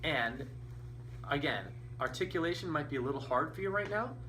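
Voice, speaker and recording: A man's voice: a little high, expressive, brisk, bright, forceful tone. A man teaching a beginner band lesson, patient and encouraging, counting beats aloud. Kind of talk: instrumental lesson. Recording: distant mic with faint noise.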